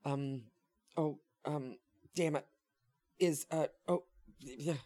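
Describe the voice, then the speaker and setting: A woman guest in casual chat, telling lively stories, laughing often and acting out voices from her memories. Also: low-pitched, takes it slowly. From small town in an Italian American family. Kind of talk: casual chat, animated storytelling.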